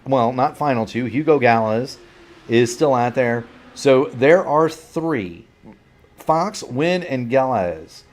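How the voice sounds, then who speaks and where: A man's voice: mid-range voice, expressive, slow pace. Hiccuping male sim racing play-by-play caller. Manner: rambling, self-correcting play-by-play. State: has the hiccups. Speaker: play-by-play commentator. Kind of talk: sim racing broadcast commentary.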